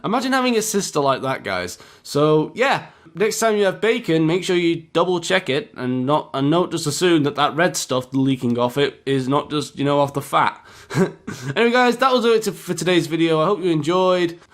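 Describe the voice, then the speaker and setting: Male vlogger, rambling, animated storyteller, slightly high voice. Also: normal speed. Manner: rambling, animated retelling with fillers. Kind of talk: casual storytelling.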